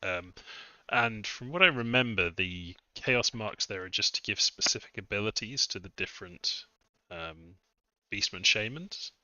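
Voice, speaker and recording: A man's voice: on the low side, expressive, a little slow, pushed and bright, no echo. A man casually commentating his own game-testing stream, chatty and self-mocking, with muttered asides. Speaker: game modder streaming a test session. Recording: dull, slightly lo-fi dry mic.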